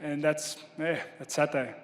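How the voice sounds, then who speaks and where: A man answering questions as a fighter at a press conference, modest and halting with many restarts. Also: fairly high pitch, steady tone, in a large hall.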